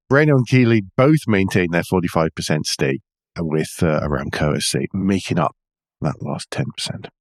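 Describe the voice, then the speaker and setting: A man's voice: low voice, animated, normal speed, no echo, clean studio sound. A man hosting a car news podcast, joking and teasing his co-host. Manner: teasing, jokey. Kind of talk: casual chat about car news.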